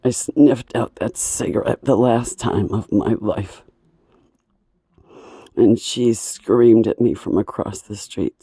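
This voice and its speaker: A singer and breathing teacher, a woman with a hoarse, broken voice, speaking in a halting, pleading, aggrieved personal monologue indoors at home. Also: extremely low pitch, steady tone, mellow, dry recording.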